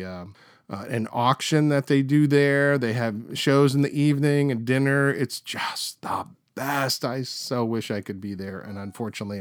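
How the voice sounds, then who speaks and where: A middle-aged podcast host tells stories casually and chattily, with plenty of fillers and restarts. His voice is medium-pitched, captured in a dry, studio-quality recording.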